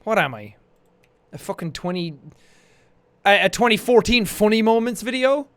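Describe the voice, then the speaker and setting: A man hosting a casual livestream, chatting in a jokey, excitable way, with bursts of shouting and laughter. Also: high voice, moderate pace, clean tone, dry recording. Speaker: livestream host. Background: faint background music.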